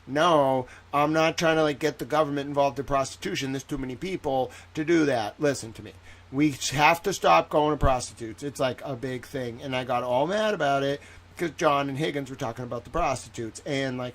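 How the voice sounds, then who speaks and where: A man giving casual livestream commentary on a trial. He is excitable, rambling and jokey, and swears often. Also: medium pitch, normal speed.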